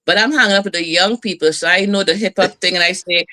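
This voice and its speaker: A middle-aged woman host, telling stories and preaching in a lively community broadcast. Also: lowish voice, brisk. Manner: lively, preachy storytelling with laughs and asides.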